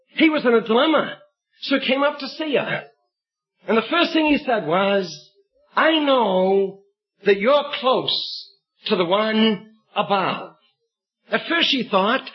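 High-voiced husky preacher, lo-fi. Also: male voice. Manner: emphatic storytelling, bursts of shouted emphasis. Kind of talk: sermon with illustrative story. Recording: dull lo-fi recording.

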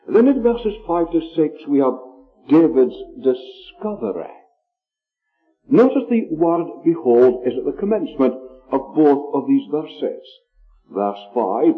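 A man preaching a sermon, slow and deliberate, leaning hard on single words. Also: a little high, animated, faint music behind. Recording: tinny phone-like recording.

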